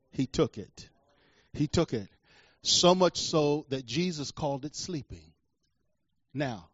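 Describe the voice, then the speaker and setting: High, dramatic preacher man. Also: no echo, muffled recording. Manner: dramatic, swings from hushed to shouting. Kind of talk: sermon.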